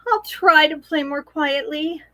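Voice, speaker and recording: A woman's voice: high-pitched, a little slow, pushed and bright, voice pushed up. A woman reading aloud and voicing a curious, nosy little female piglet with an eager, squealing manner.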